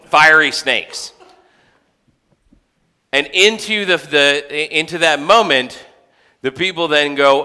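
A man's voice: a little high, slow, long pauses, pushed and bright, clean tone. A man preaching a sermon as a pastor in a church, conversational, with joking asides and frequent restarts. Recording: long hall reverb.

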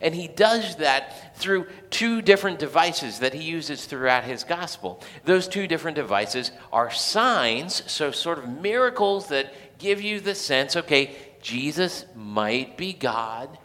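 A man giving a casual, conversational sermon, talking in a halting way with frequent restarts and fillers. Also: a little high, lively intonation, bright, forceful tone, in a large hall. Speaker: preacher.

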